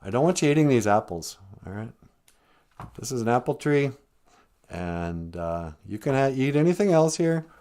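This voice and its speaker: Man playing an easygoing, offhand god in a comic creation tale, lively pitch. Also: moderate pace. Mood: breezy. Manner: casual, offhand instructions.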